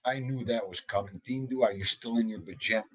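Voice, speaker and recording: A man hosting a casual livestream, chatting loosely and greeting viewers by name with an animated, jokey manner. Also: fairly low pitch, a little fast, slightly rough, highs cut off. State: out of breath. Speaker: livestream host.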